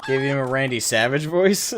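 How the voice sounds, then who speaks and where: A man's voice: medium pitch, expressive, moderate pace, a bit bright, slight background noise. A man giving casual, amused game commentary, laughing often and swearing freely. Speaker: game streamer.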